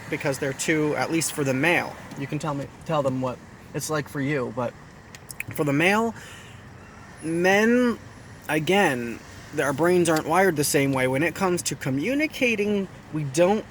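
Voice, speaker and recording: A man with a fairly high voice hosts a casual chat to camera. He talks in a chatty, self-mocking way and drives points home by repeating phrases. Faint traffic hums behind him. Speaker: video host. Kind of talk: casual talk to camera with his partner.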